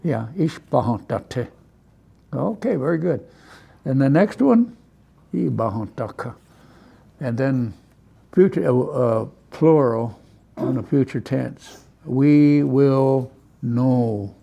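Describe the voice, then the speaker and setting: A man teaching a language class, relaxed, repeating words slowly for his students. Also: medium pitch, gravelly, husky.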